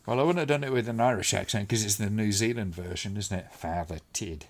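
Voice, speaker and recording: A man's voice: lowish voice, fast. A man chatting casually and laughing often while commenting on a film with a friend. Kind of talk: casual watch-along commentary.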